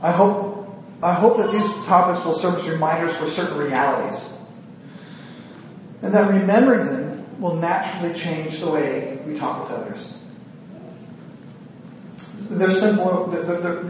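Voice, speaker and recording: A man's voice: a little high, a little hiss or hum. Nervous earnest man in echoey hall. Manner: earnest, self-deprecating, with halting restarts. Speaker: psychiatrist giving a talk. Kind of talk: speech to a women's gathering. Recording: echoey hall, distant mic.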